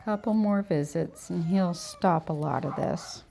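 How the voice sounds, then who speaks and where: Her voice is lowish, creaky, and dark, a little slow, with slight background noise behind it. This middle-aged dog groomer chats on a livestream as she works in the salon, settling the dog and telling stories.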